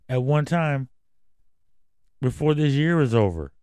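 A man's voice: medium pitch, unhurried, a little mellow, clean tone, dry recording. A man hosting a casual news commentary podcast, reading headlines and then going off on profane, rambling rants. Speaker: podcast host.

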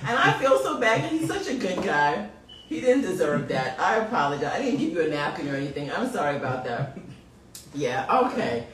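A woman's voice: low voice, sing-song, fairly quick, slight background noise. Giggly mother hosting, roomy and distant. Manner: giggly and playful, apologetic. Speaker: podcast co-host, mother. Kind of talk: casual chat. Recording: roomy, off-mic with faint ambience.

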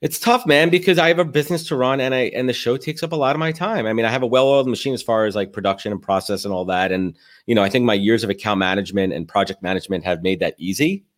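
A man hosting a podcast, telling rambling, animated stories with many restarts in casual talk. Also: on the low side, fast talker. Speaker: podcast host.

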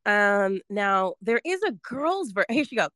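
A woman in her thirties, hosting a casual chat, animated and laughing as she talks. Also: medium pitch, measured pace. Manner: animated, laughing, reads lyrics aloud playfully.

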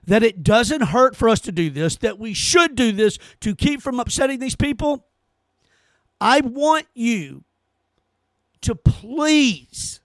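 Male host, very high and lively voice, heated profane rant, dry close sound. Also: no room sound. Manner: heated, cursing, emphatic repetition. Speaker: podcast host. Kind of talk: angry opinion rant.

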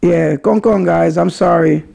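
Measured in pace, his fairly high voice is gravelly and mellow. He's a young man from the Bronx, New York, hosting a relaxed solo podcast in a playful, chatty way and often backtracking to correct himself mid-sentence.

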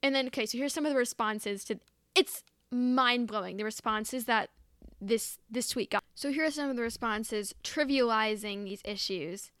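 A woman's voice: on the high side, moderate pace, fairly bright tone, no echo, clean studio sound. A young woman hosting a podcast, reading posts aloud with sarcastic, exasperated commentary and frequent restarts. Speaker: podcast host.

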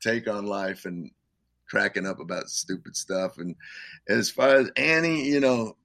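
Gravelly older man telling stories. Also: on the low side, unhurried, a bit bright, dry recording. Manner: rambling, frequent "you know", laughs often. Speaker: musician guest. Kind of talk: casual storytelling.

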